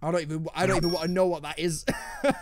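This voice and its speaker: Sarcastic British gamer swearing at a game. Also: male voice, on the high side, fairly even intonation, fast, background noise. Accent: British English. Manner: sarcastic, swears, talks to himself. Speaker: gaming YouTuber. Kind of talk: let's play commentary. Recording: game music behind.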